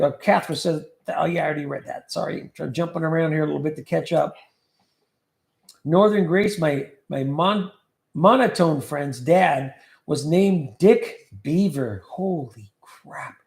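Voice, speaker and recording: A man's voice: a little high, gravelly, darkish tone. A man hosting a livestream, casually chatting and joking as he reads viewer comments aloud. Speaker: livestream host. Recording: echoey room.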